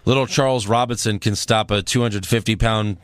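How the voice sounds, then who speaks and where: A man's voice: lowish voice, fairly even intonation, brisk, clean tone, dry recording, studio quality. A man co-hosting a wrestling podcast, recapping shows in casual, sarcastic chat and often laughing.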